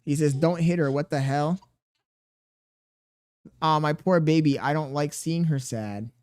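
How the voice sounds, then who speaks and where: A man's voice: a little high, unhurried, a little mellow. A man streaming live, reading chat comments aloud and cooing at a baby in a playful, mock self-pitying way. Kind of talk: casual livestream chat.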